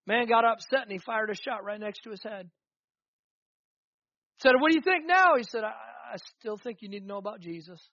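A man preaches to his church in a high voice that climbs as he presses each point, repeating lines for emphasis. The sound is dull and muffled, with a dry, close feel. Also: steady tone, fast talker, few pauses, fairly bright tone, dry recording. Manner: preaching with rising fervor, repetitive emphatic phrases. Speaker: pastor. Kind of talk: sermon.

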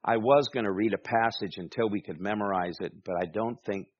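Male pastor, lowish voice, emphatic sermon delivery, dry and slightly dull recording. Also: fairly quick, husky, no echo. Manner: emphatic, with calls for amen and rhetorical questions.

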